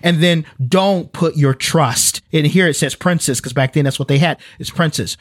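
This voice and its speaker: With a fairly high pitch and measured pace, a co-host of a faith-based podcast talks earnestly and emphatically, frequently restarting and repeating himself. The studio sound is clean, with no room sound.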